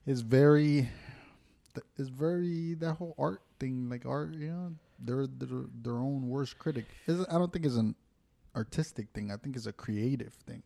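A man's voice: mid-range voice, moderate pace, creaky, dark tone. A man chatting casually, reflecting on creative self-doubt. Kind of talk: casual podcast chat.

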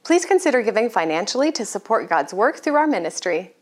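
A woman's voice: fairly high pitch, very animated, fairly quick. A woman giving a scripted welcome and donation appeal for a church ministry. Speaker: church host.

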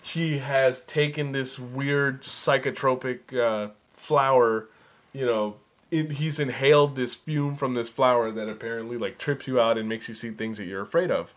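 A man's voice: mid-range voice, steady tone, moderate pace. Regular-voiced guy walking thru a movie plot, lots of uh and repeats. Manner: hesitant, repeats words while explaining plot. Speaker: podcast co-host. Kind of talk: casual movie discussion.

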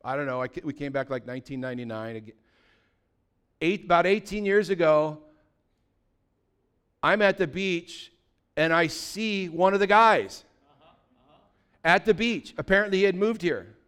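Smooth-voiced pastor telling a story. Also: male voice, a little high, measured pace, long pauses. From California. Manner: lively anecdotal, with sudden loud bursts. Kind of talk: sermon storytelling.

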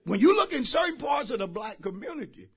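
A man preaching a sermon as pastor. He drives his points with shouted phrases and repeated calls to the congregation. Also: very high-pitched, big pitch swings, fairly quick, husky. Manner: emphatic call-and-response preaching, shouting key phrases. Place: church service.

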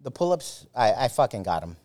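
A man in his forties, a former soldier, telling a story as a podcast guest in a halting, profane way, full of fillers and restarts. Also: medium pitch, very animated, a little mellow. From United States. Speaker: former Army Ranger. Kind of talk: casual storytelling.

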